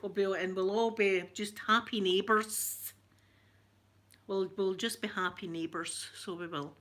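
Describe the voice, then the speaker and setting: A woman's voice: medium pitch, steady tone, unhurried, fairly bright tone. A middle-aged Scottish woman hosting a casual livestream, rambling chattily, laughing often and greeting viewers by name. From Scotland. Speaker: livestream host. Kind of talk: casual live-chat rant.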